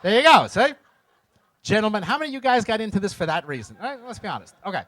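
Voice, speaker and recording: A middle-aged man telling a story to a room of listeners, his voice high and swinging widely up and down. He jokes about himself and acts out the voices and sound effects of his tale. The sound is dry and close. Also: sing-song, fast, a bit bright, no echo. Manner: self-mocking, jokes with the audience. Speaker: speaker telling a story to an audience. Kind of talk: lively storytelling talk to a live audience.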